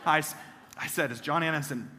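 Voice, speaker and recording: A pastor delivers an animated sermon. His voice is bright and pitched a little high, and he acts out the people in his stories. The sound carries a long reverb from the church sanctuary. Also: a little fast. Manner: animated, acts out quoted voices with self-deprecating humor. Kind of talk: sermon with personal storytelling.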